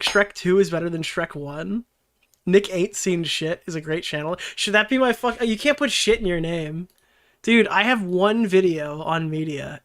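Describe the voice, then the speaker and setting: A young man hosting a casual livestream, rambling and swearing as he answers chat, laughing often and slipping into mocking impressions. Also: high voice. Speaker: streamer and commentary host.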